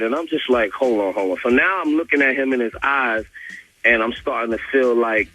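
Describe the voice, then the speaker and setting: Young male radio guest, casual storyteller, average pitch, loose and profane, lots of "like". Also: fairly quick, poor audio. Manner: animated, profane, full of "like" and repeats. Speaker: guest calling in to a radio show.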